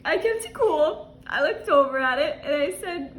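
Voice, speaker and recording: A high, lively woman's voice reads a road-trip story aloud, giggling through her words and breaking off to add her own side of things. Her tone is bright and animated, and the recording sits in an echoey room with a faint hiss behind her. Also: moderate pace. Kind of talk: reading a travel story aloud with asides.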